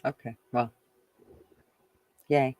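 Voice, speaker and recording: A man co-hosting a live stream, casual and teasing in quick back-and-forth. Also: medium pitch, level tone, a little mellow, no room sound.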